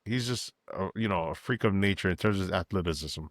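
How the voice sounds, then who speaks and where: A man's voice: deep voice, quick pace, dry recording, clean studio sound. A man co-hosting a wrestling podcast in an easygoing chat, full of fillers, hyping wrestlers and thanking viewers. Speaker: podcast co-host.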